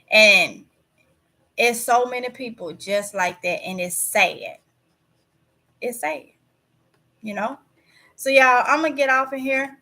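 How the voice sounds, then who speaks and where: Lady on her livestream, kinda high bright voice, preachy, keeps repeating stuff. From Mississippi. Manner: preachy, emphatic, repeats words for stress. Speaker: YouTube channel host. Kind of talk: casual livestream talk.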